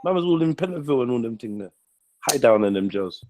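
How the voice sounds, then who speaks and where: A man's voice: mid-range voice, lively intonation, quick pace. A man hosting a stream, joking in slang and laughing often. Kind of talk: casual chat. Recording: loud crowd noise behind.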